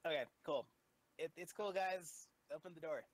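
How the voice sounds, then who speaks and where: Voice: medium pitch, normal speed, background noise. A tabletop game player who talks in a hesitant, rambling way. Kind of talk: casual tabletop game chat.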